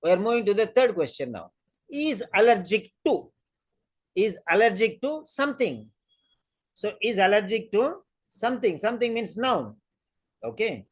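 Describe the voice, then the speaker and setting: A tutor giving a listening test lesson, talking slowly and deliberately and repeating each point to drill it in. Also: medium pitch, very animated, husky. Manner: deliberate, emphatic teacher talk. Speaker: exam-prep tutor.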